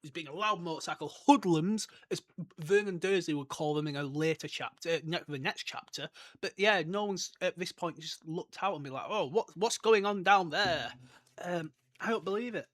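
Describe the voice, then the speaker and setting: A man's voice: fairly high pitch, fairly quick, fairly bright tone. A man hosting a podcast, chatting loosely about a book, rambling and laughing at his own jokes. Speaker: podcast host. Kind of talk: casual book discussion with read-aloud passages.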